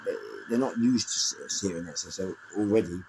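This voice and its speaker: A man's voice: deep voice, a little fast, a little hiss or hum. A middle-aged man with a London accent, casually telling an anecdote and acting out the voices of everyone in it. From England. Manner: animated storytelling, acting out both sides of dialogue. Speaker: storyteller. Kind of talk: casual anecdote told to camera.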